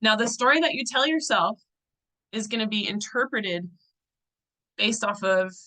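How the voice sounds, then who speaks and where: A woman's voice: medium pitch, lively intonation, unhurried, pushed and bright, rough recording. A young adult woman coaching a group in a casual teaching talk. She sounds chatty and loose, with fillers and restarts.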